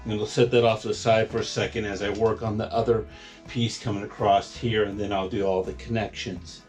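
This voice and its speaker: A man's voice: fairly low pitch, flat delivery, brisk, a little mellow, soft background music. A man narrating a home how-to project as he works, casual and rambling with lots of fillers. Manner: rambling, filler-heavy, thinking aloud. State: a bit out of breath at times. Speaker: DIY homeowner vlogger.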